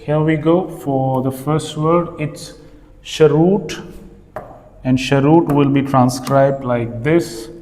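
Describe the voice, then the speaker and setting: A man with an Indian English accent teaching English pronunciation, slow and deliberate, repeating each word. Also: medium pitch, fairly even intonation, darkish tone. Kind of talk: pronunciation lesson. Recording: echoey room with long reverb.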